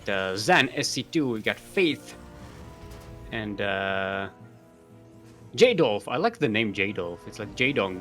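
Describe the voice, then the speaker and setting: Animated, rambling male game caster. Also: fairly low pitch. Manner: rambling, jokey, chuckling, many fillers. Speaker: esports caster. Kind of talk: live game commentary.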